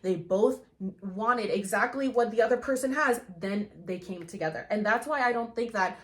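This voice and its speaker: A woman's voice: on the high side, normal speed, fairly bright tone. Enthusiastic woman podcast host. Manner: enthusiastic, talks over guest, frequent restarts. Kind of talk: casual chat.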